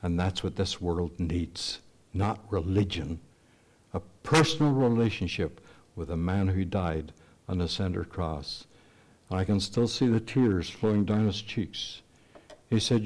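A man preaching a sermon, telling stories in an earnest, slow and emphatic way. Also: low-pitched, expressive, darkish tone.

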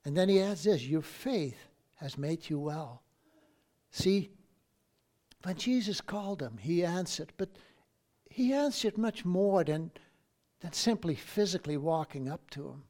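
Man, sermon, fairly high voice, unhurried storytelling, restarts phrases, chatty asides. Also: expressive, darkish tone. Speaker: preacher.

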